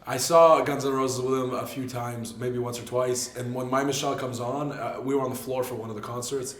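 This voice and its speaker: A man hosting a casual chat, amused and quick to chuckle. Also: mid-range voice, steady tone. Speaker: show host. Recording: echoey room.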